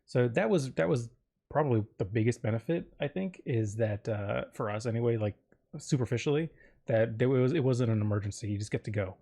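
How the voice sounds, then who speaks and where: The host of a solo podcast, a man from Florida in the United States, talks briskly with a dark tone and vocal fry at a medium pitch. His personal story wanders and interrupts itself, packed with fillers and jokes.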